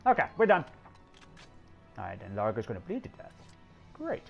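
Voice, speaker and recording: A man's voice: medium pitch, huge pitch swings, normal speed, creaky, soft background music. A man commenting on his own strategy game play, exasperated and swearing, talking to the characters on screen. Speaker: gameplay commentator.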